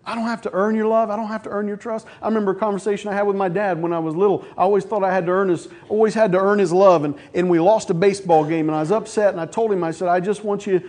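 A middle-aged male pastor preaching a sermon, telling stories and acting out voices along the way. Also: high-pitched. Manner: storytelling, animated, acts out quoted voices.

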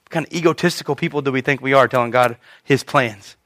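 A male pastor preaches a sermon, storytelling in an animated, conversational way. His voice is mid-range and fast.

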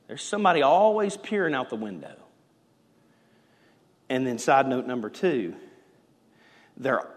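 A man preaching a sermon, animated, swinging between loud emphasis and hushed lines. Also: mid-range voice. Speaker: pastor. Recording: echoey hall.

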